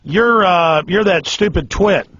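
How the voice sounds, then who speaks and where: Breathy-sounding guy on a dull radio feed, mocking a caller nonstop. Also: sits high, slow pace, fairly bright tone, no echo. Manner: taunting, insulting, challenging. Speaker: radio host. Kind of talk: on-air argument with a caller. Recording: muffled radio broadcast.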